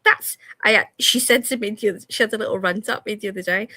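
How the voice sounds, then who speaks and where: A woman's voice: medium pitch, fast talker, sharp tone, no echo. A woman, chatting casually as a co-host, telling stories about her kids and laughing often. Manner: casual, uses dialect forms like "me" for "my". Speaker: radio show co-host. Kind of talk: casual chat.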